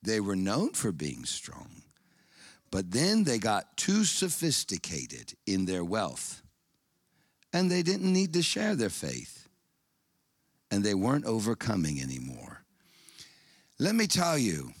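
Animated male preacher, dry sound. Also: lowish voice, takes it slowly, pauses often, dry recording. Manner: animated, swings from loud excited storytelling to hushed solemn passages. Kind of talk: sermon with storytelling.

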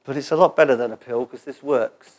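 A man preaching a sermon in a church gathering, animated and joking as he leads the congregation in call-and-response. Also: mid-range voice, fast.

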